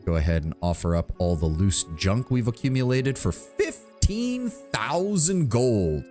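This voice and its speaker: A man's voice: mid-range voice, a little slow, few pauses. A man streaming a video game, chatting casually and swearing often as he plays. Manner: profane, animated, muttering. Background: faint game music.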